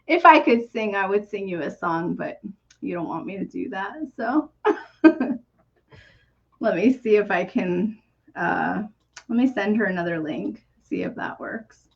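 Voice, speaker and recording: A numerology reader and podcast host, a woman with a medium-pitched voice, gives a live reading over a video call. She speaks gently and earnestly, using soft fillers and little laughs, and the stream audio is dull and lo-fi.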